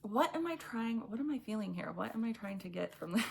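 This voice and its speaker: Female tarot reader, casual and blunt, slightly high voice with vocal fry. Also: lively intonation, fairly quick, slight background noise. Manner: chatty, giggly, blunt.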